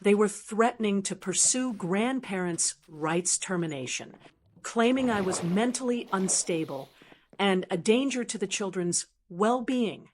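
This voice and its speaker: A woman telling a first-person family story in a steady, measured way. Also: mid-range voice, a little hiss or hum. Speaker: narrator.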